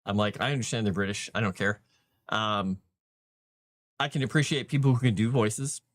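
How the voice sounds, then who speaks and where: A man's voice: fairly low pitch, moderate pace, a bit bright, no echo, clean studio sound. A man chatting casually on his livestream, rambling with many fillers and restarts as he talks about running tabletop games. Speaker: livestream host and game master.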